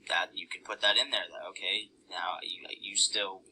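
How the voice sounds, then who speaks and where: A man's voice: low voice, fairly even intonation, moderate pace, bright, forceful tone, slight background noise, low-quality recording. A man speaking up as a student in a classroom discussion, casual and hesitant with many fillers.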